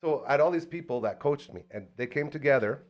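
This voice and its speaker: A man hosting a relaxed podcast who tells his stories with real animation. He swings into other voices for the quotes and keeps the chat loose and casual. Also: medium pitch, fast. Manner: animated storyteller, acts out quotes. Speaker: podcast host.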